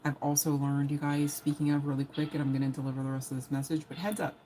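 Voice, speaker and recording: A woman's voice: sits low, flat delivery, fast talker, few pauses, background noise. A woman giving a casual live-stream tarot reading. She is chatty and blunt, swears often, and laughs as she talks straight to her viewers. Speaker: tarot reader.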